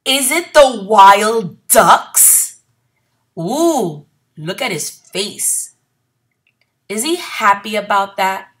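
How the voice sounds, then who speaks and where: Slow, bright-voiced woman reading aloud. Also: medium pitch. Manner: slow, expressive storytelling with questions to children. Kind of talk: read-aloud lesson.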